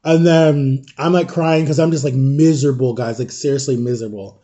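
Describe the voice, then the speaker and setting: This time the thirtysomething vlogger speaks at medium pitch with a warm, steady tone and normal speed. While eating, he rambles through a long personal anecdote told right to his audience, packed with fillers and plenty of "guys."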